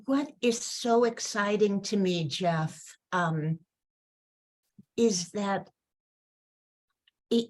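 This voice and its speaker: Slow, measured woman on a panel. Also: medium pitch. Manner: thoughtful and measured. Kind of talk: panel discussion.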